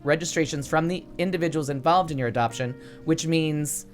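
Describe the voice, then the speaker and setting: A man's voice: fairly high pitch, a little fast, faint music behind. A man in his forties from upstate New York, telling a story in casual chat with sarcastic, wry humor. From Niagara Falls, New York.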